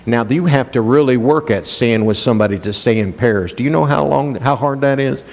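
A man's voice: mid-range voice, fairly quick, creaky, a little mellow, big-room sound. A male pastor preaching a sermon, questioning the congregation and joking with them. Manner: playful, jokes and laughs.

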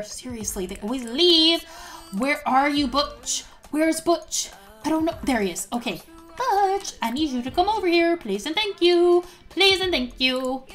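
Over faint background music, a woman with a high, bright voice gushes through excited let's-play commentary as a gaming YouTuber. Every moment draws a gasp or squeal, and she slips in quick quoted asides from the characters.

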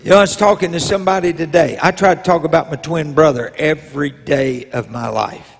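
An older man, a bishop preaching a sermon, breaking into shouted calls to the congregation. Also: fairly high pitch, fairly quick, vocal fry. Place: large church sanctuary. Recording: long hall reverb.

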